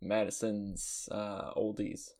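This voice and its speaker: A man guessing answers in a casual movie quiz. He thinks out loud and hesitates over his word choices. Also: fairly low pitch, level tone, takes it slowly. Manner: musing, hesitant, thinks aloud. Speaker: quiz guest. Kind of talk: casual podcast chat.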